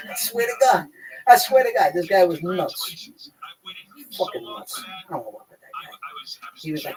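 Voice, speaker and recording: A middle-aged man telling loud, profane anecdotes in casual chat, acting out the people in his stories. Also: high-pitched, unhurried, pauses often, low-quality recording. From New York. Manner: animated, swearing, acts out people in stories. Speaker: guest storyteller.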